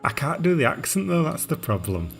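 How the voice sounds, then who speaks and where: A man streaming a game live, chatting casually and narrating what he does in a relaxed way. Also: on the high side, a little fast, gravelly, slight background noise. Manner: relaxed, narrating his gameplay.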